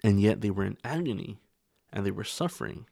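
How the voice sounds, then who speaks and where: A man with a gravelly, fry-laden voice, talking earnestly on a podcast. His pitch sits fairly low and the sound is dry and close. He often restarts mid-phrase. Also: expressive, fairly quick, a little mellow, no echo. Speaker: podcast co-host. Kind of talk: casual podcast discussion.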